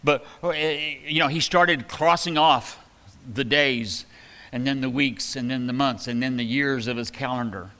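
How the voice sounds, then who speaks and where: A man's voice: mid-range voice, unhurried, sharp tone, long reverb tail. A man giving a casual, rambling sermon, with many fillers and restarts, reading scripture aloud with emphasis. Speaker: preacher. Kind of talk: conversational sermon.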